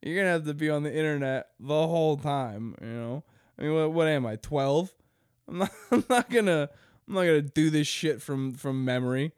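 A man's voice: a little high, moderate pace, smooth, no echo, clean studio sound. A young man hosting a podcast alone, rambling casually with crude jokes and frequent laughter. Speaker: podcast host. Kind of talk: casual solo podcast chat.

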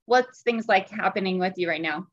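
A woman co-hosting a podcast who chats brightly and reacts with laughter. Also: mid-range voice, moderate pace, lo-fi sound.

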